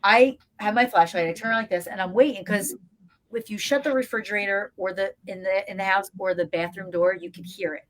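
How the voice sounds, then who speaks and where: A woman in relaxed podcast conversation, telling a story with lively energy. She jumps into the voices of the people in her tale. Her pitch sits in a middle range. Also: fairly quick, low-quality recording. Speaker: guest paranormal investigator. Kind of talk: casual storytelling chat.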